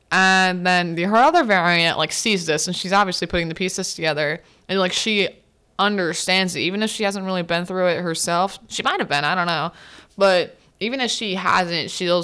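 A young adult woman hosts a student podcast with a voice on the low side, fairly bright and clean. She goes through a film's plot casually, laughing and taking on the characters' lines.

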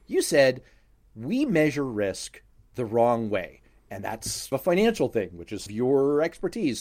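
Male radio host, playful and inquisitive, animated pitch, remote video call. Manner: joking, curious questioner. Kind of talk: radio and podcast interview. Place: home office on a video call.

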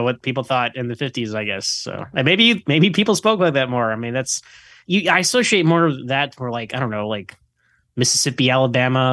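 A man who is a guest on a podcast, talking in casual chat. He sounds wry and relaxed and drops in joking asides. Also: medium pitch, no echo, studio quality.

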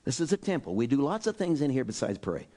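A man preaching a sermon as pastor, animated and exclaiming, swinging between loud outbursts and soft asides. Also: mid-range voice, fast talker.

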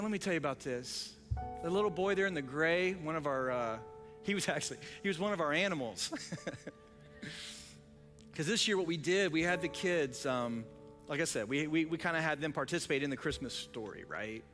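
Excited high-voiced pastor. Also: male voice, long reverb tail. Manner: excited storytelling with many restarts. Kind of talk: sermon.

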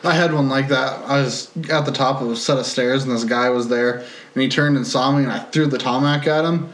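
A young man talks on a casual podcast at a middle pitch. He recalls things in a relaxed, matter-of-fact way. The recording has the echo of a reverberant room. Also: fairly quick. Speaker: podcast co-host. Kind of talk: casual chat.

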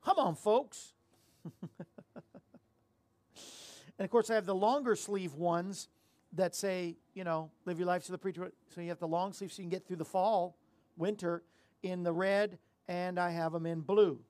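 High-voiced, chatty male talk-show host. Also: steady tone, unhurried, pauses often, darkish tone, dry recording. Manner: rambling, self-deprecating, chatty. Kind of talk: casual talk-show chat with jokes.

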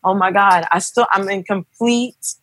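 A woman's voice: medium pitch, measured pace, no echo. Dry-sounding young woman telling a story. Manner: animated, acts out quoted voices. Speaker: guest telling a birth story. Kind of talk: casual storytelling.

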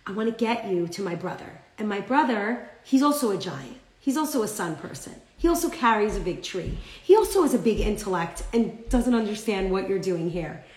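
A woman's voice: mid-range voice, sing-song, normal speed, few pauses, a little mellow, echoey room, low-quality recording. A woman teaching a live-streamed class, telling a story with animation and acting out the characters' lines. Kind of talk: live-streamed class, reading viewer comments.

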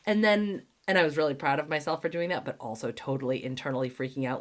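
A woman's voice: sits low, quick pace, hardly any pauses. A woman hosting a podcast and chatting casually, with lots of "like" fillers and acted-out quotes as she tells stories. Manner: chatty, heavy use of "like", acts out quoted dialogue. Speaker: podcast host. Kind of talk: casual conversational storytelling.

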